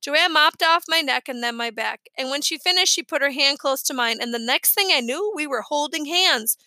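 Woman, storybook narration, lively, dry close recording. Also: high-pitched, normal speed, dry recording. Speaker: reader. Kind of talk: audiobook narration.

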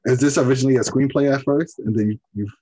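Husky-voiced man hosting a laid-back interview. He talks in an earnest, encouraging way, with loose phrasing and plenty of "like"s and "you know"s. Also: mid-range voice, steady tone, quick pace, warm tone, rough recording. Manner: earnest, praising, many fillers. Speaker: podcast host. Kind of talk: casual conversational interview.

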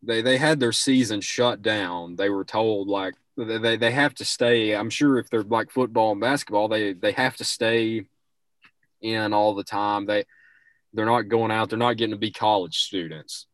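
A man's voice: fairly low pitch, normal speed, fairly bright tone, no echo. A young man co-hosting a casual sports talk show, giving rambling, opinionated takes and restarting his sentences often.

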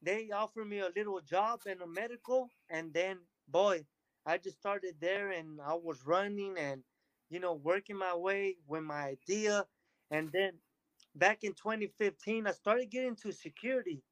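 A man talking as a podcast guest, telling energetic stories and acting out what others said to him. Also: high-pitched, moderate pace, dry recording, low-quality recording. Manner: energetic storytelling, quotes others in lively bursts. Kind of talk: casual interview chat.

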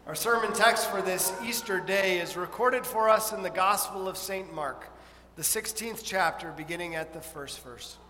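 A pastor with a high, bright voice preaches to his congregation, telling stories with lively expression. The sound rings with a long hall reverb, and a faint hum of room ambience sits behind him. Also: moderate pace. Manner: animated storytelling, acting out a scared child. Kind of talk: sermon. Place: church.

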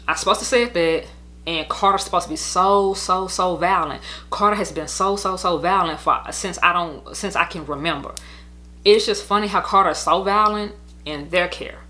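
A woman talks straight into the mic, her voice bright and forceful. She rambles through her own story in a heated, profane rush, leaning on "like" at every turn. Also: lowish voice, normal speed. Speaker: podcast host telling her own story. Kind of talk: casual venting monologue.

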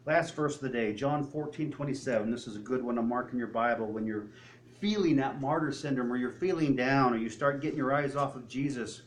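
A man's voice: mid-range voice, huge pitch swings, moderate pace, slight background noise. An older man preaching a sermon in a conversational way, acting out little dialogues with God and the congregation. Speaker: pastor.

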